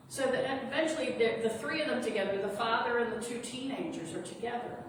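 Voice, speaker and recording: A woman's voice: a little high, fairly quick, few pauses. A woman reverend giving a sermon, retelling a story in an earnest, reassuring way. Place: sanctuary of a spiritual center. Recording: echoey hall from far off, noisy.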